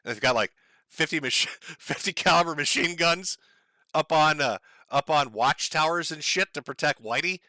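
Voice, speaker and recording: A man's voice: a little high, moderate pace, sharp tone, no echo. A man from the United States hosting a casual livestream, talking in a profane, sardonic way and chuckling often. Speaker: livestream host.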